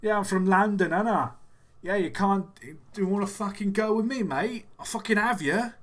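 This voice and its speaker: Man doing a Cockney thug, loud, higher-pitched, swaggering, threatening. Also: normal speed. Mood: menacing. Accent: Cockney imitation. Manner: threatening, swearing, loud and brash. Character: hostile swaggering London tough guy.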